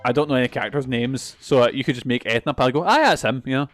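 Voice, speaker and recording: A man's voice: medium pitch, steady tone, rapid-fire, no echo. Young man, game streamer, casual rambling commentary, frequent swearing, self-mocking, faint game music. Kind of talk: casual let's-play commentary.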